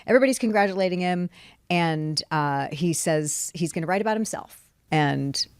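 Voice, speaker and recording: Woman, podcast co-host, chatty recapper, lowish pitch, dry close sound. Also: moderate pace, clear, resonant tone, no echo. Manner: chatty, reads episode details, with fillers. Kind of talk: casual recap podcast chat.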